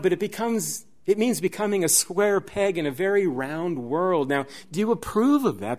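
Brief: Kiwi male preacher, slightly high voice, animated storyteller. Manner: animated storyteller, shouts and laughs in the dramatic parts. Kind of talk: sermon with storytelling.

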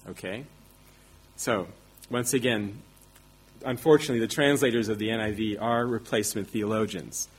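A man's voice: fairly low pitch, slightly rough. A man preaching a sermon, teaching emphatically with rhetorical questions and self-deprecating asides.

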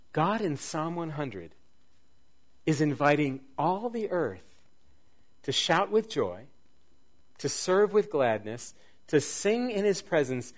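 A middle-aged man preaching a sermon, swinging from near-shouts down to a soft, low voice. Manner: dynamic preaching, rising to near-shouts then dropping soft. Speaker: pastor.

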